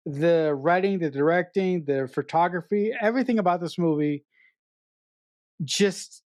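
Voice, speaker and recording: A man's voice: on the high side, a little slow, darkish tone, dry recording, studio quality. A man co-hosting a casual movie podcast, enthusiastic and playful, laughing along with his partner. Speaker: podcast co-host. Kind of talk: casual chat.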